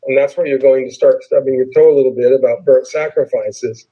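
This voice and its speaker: A man preaching a sermon in a conversational way, explaining a text and then slowing down to read scripture aloud with emphasis. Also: medium pitch, fairly even intonation, slightly rough, highs cut off. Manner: conversational, explains and repeats points. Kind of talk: sermon, Bible teaching.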